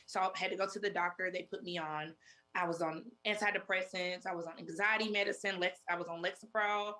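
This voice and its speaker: A woman in her forties, a talk show guest, telling her story in a halting way and repeating herself often. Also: fairly low pitch, steady tone, bright, forceful tone. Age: 40s. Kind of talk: emotional interview testimony.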